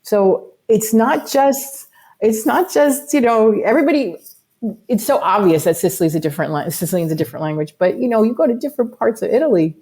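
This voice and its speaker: Mellow-voiced woman. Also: a little high, expressive, a little fast. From United States. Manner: chatty, explains at length with asides and laughs. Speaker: guest folk musician. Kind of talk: casual podcast interview.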